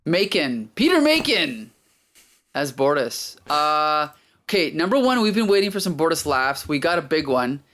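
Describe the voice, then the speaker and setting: Podcast host, enthusiastic, casual chat, medium pitch, frequent laughs. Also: animated, normal speed, a bit bright.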